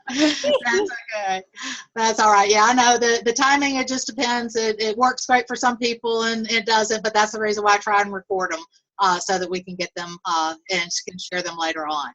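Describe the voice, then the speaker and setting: A woman's voice: on the high side, moderate pace, fairly bright tone, lo-fi sound. A woman leading her sales team on a video call, upbeat and encouraging, with many fillers. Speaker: network marketing team leader.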